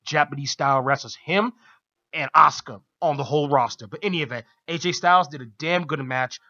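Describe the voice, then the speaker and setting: High, bright-voiced excited man. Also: a little fast, dull audio. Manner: excited, laughing, acts out quotes in loud high voice. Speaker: radio show co-host. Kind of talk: casual wrestling recap chat.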